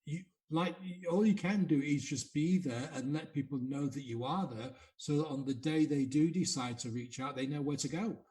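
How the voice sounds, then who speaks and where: A man hosting a podcast interview, his voice sitting a little high for a man. He talks in a reflective, consoling tone. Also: moderate pace, hardly any pauses, a little mellow. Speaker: podcast host.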